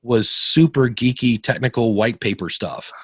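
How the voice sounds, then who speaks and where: A man's voice: mid-range voice, normal speed, husky, no room sound, studio quality. A middle-aged man guesting on a podcast, telling stories casually and acting out the people he quotes with big jumps in his voice. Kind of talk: casual interview storytelling.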